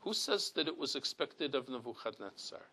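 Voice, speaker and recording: A middle-aged man leads a weekly religious class, speaking at a steady, mid-range pitch. His delivery is earnest and emphatic, full of restarts and repeated words as he explains each point. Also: normal speed, husky, poor audio. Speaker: rabbi teaching a class.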